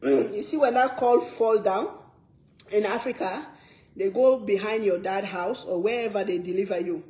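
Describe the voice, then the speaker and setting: A woman's voice: mid-range voice, steady tone, moderate pace, darkish tone, roomy sound. A woman from Sierra Leone with a Sierra Leonean accent, talking to her viewers in a casual vlog, earnest and emphatic, repeating her words for stress. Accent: Sierra Leonean English. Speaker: cooking vlogger.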